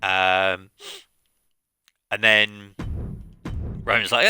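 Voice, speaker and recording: A man's voice: fairly low pitch, fairly even intonation, unhurried, pauses often, bright, forceful tone, slight background noise. A man streaming a game, recapping at length in casual commentary, with frequent fillers and restarts.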